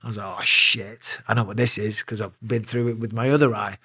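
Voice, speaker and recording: A man's voice: fairly low pitch, a little fast, vocal fry, slightly rough, no echo, clean studio sound. A man being interviewed, telling a story in a casual, profane way and acting out the voices of the people in it. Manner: profane, animated, acts out voices in his stories. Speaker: interview guest.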